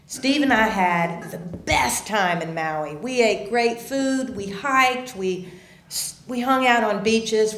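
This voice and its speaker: A woman telling a personal story at a live story slam, animated and swinging from hushed tones to loud outbursts. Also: mid-range voice, echoey room. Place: theater stage.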